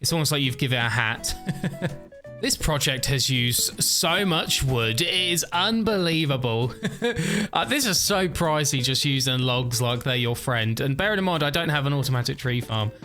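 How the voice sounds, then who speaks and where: A man's voice: mid-range voice, animated, normal speed, sharp tone, faint music behind. A tired man giving casual, upbeat gameplay commentary, thinking aloud and laughing often. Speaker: gaming video creator.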